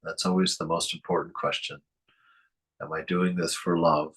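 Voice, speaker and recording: A man giving a reflective spiritual talk as a teacher, speaking gently, asking many rhetorical questions and chuckling often. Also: sits low, flat delivery, normal speed, husky.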